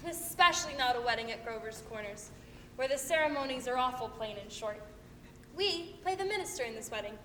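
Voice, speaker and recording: Woman doing a chatty dry-humored stage narrator, high bright voice, echoey hall from far back. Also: slight background noise. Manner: dry, chatty and plainspoken to the audience. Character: folksy wry stage manager narrator. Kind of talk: live amateur stage acting. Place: theater stage.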